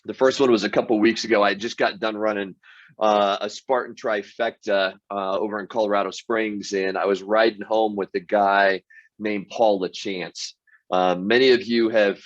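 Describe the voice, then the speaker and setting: A man with a fairly low voice shares motivational stories as a show host. He speaks earnestly and often restarts his sentences. The recording is dry and a bit dull. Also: steady tone, normal speed, no room sound. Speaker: sales team leader and show host. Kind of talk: motivational storytelling monologue.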